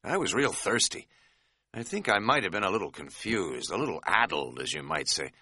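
A man's voice: low-pitched, very animated, normal speed, bright, forceful tone, no room sound, clean studio sound, full character voice. A man voicing a scatterbrained middle-aged hiking buddy who talks in a folksy, rambling, self-mocking way. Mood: rambling sheepish. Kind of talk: audiobook character voice.

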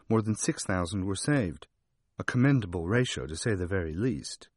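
A man narrating a travel book in a wry, measured manner. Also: deep voice, no echo, clean studio sound. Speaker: audiobook narrator.

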